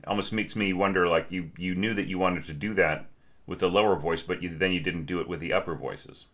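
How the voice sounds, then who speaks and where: A man with a low voice and a crisp, forceful edge critiques a student's score in a relaxed, talky way. He sings little phrases aloud to show articulations. He is blunt, then quickly apologetic. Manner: chatty, apologetic, frequent fillers; direct, critical feedback. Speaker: orchestration teacher reviewing scores.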